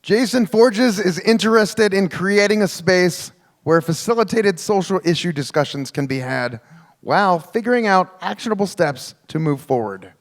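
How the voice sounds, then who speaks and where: A man hosting a live storytelling night, giving a measured, scripted introduction from a theater stage. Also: high voice, expressive. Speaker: host. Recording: reverberant theater hall.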